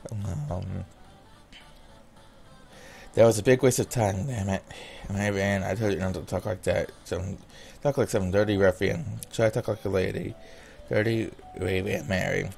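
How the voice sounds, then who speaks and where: Deep gravelly guy reading a visual novel out loud over faint music, throws in his own comments. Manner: reads all the character lines in a plain voice, breaking off for casual comments. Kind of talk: reading game dialogue aloud with asides.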